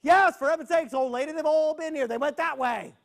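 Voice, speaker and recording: A man's voice: very high-pitched, fairly quick, fairly bright tone, voice pushed up. A man doing a folksy storekeeper. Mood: helpful. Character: helpful country storekeeper man.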